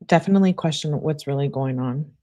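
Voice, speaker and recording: A young woman with a low-pitched voice reads text message exchanges aloud in a true crime commentary. She drops in brief asides of her own between the quoted messages. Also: quick pace, warm tone.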